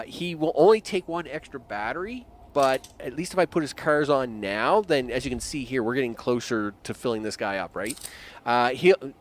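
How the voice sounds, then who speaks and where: Brief: young male streamer, rambling live game commentary, animated pitch, chuckling asides. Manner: rambling, jokey, chuckling asides, talks to himself.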